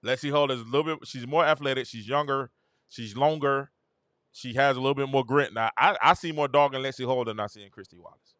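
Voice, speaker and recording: A man hosts a casual sports commentary stream, rambling through his points in a slangy, animated way and circling back to repeat himself. His voice sits in the middle range. The sound is dry and close. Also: medium pitch, fairly quick, no room sound. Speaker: host.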